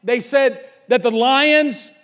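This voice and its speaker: Fervent pastor, very high voice for a man, preaching hard, then dropping to quiet asides. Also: takes it slowly. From Covington, Kentucky, USA. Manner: fervent preaching, swinging from shouts to low asides. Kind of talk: sermon.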